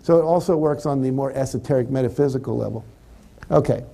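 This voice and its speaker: Mellow-voiced man giving a seminar talk. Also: medium pitch, fast, creaky. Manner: conversational, acts out example thoughts in quotes. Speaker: motivational speaker. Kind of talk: seminar lecture to a live audience. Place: lives in California.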